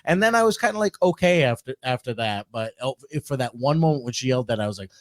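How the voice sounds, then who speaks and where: A middle-aged male comedian co-hosts a casual podcast. He rambles through a story with plenty of restarts. His voice sits at an ordinary pitch in a dry, dead-sounding room. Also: lively intonation, fast talker, no echo. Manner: rambling, self-interrupting storyteller with repeated restarts.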